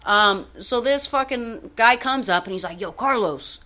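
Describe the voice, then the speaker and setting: A woman's voice: on the high side, a little slow. A woman co-hosting a podcast, rambling through a story in casual chat and swearing freely. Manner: profane, rambling, animated. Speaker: podcast co-host.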